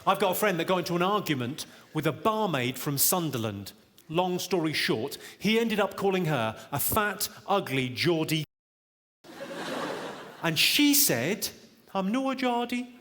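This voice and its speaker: Dry comic on a theater stage. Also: male voice, a little high, animated. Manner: dry, quick-witted, teasing the audience. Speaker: stand-up comedian. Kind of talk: stand-up comedy with crowd work. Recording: reverberant hall, loud audience laughter.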